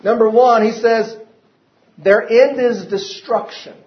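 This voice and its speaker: High-voiced preacher in a roomy hall. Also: male voice, steady tone, slow. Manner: preaching with rising emphasis and repeated rhetorical questions. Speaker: pastor. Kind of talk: sermon. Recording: roomy, dull lo-fi church recording.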